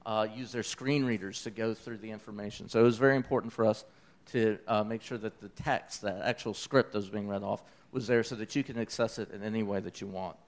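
A man's voice: on the low side, fairly even intonation, fairly quick. A man from Memphis with a Southern accent, giving an enthusiastic conversational talk about a science project. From Memphis, Tennessee. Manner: enthusiastic, conversational, with fillers and asides. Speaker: presenter of an eclipse accessibility project. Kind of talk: conference talk.

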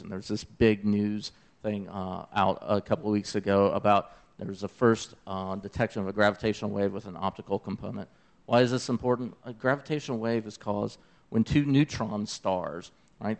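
A man from Memphis with a Southern accent, giving an enthusiastic conversational talk about a science project. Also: on the low side. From Memphis, Tennessee. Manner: enthusiastic, conversational, with fillers and asides. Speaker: presenter of an eclipse accessibility project. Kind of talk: conference talk.

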